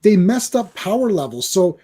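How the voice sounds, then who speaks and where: Mellow rambling male guest. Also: high-pitched, sing-song, moderate pace. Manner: rambling, with many restarts and fillers. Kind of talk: casual chat.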